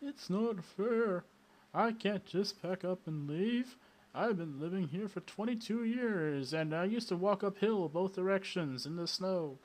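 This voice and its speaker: Wailing old man, played by a man pitching up, plaintive. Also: measured pace, low-quality recording. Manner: plaintive, complaining.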